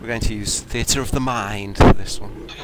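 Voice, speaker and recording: A man acting as game master, telling the story of a tabletop game with measured narration and relaxed rules talk over a home microphone. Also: on the low side, over loud music, poor audio.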